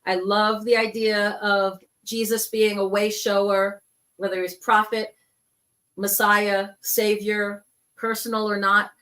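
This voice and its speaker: This guest is a psychic medium from New York, bright and lively, with a medium-pitched voice and a slow pace. In a relaxed interview full of stories, she plays out each person she describes.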